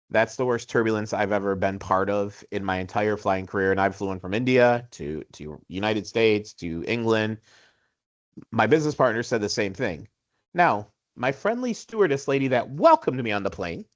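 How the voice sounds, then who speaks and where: A man in his forties, a podcast co-host, telling a story in casual chat with animated, self-mocking humor. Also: fairly low pitch, highs cut off. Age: 40s.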